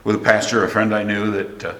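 A man preaching a sermon as pastor, moving from soft, confiding storytelling to rising, emphatic declarations. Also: on the low side, flat delivery, quick pace, echoey room, in a large hall.

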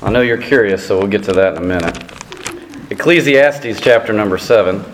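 A man's voice: fairly quick, noisy background. A middle-aged American man preaching a sermon as a visiting preacher, rambling and self-deprecating, with many fillers and restarts. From United States. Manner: gets animated and high-pitched telling a funny story.

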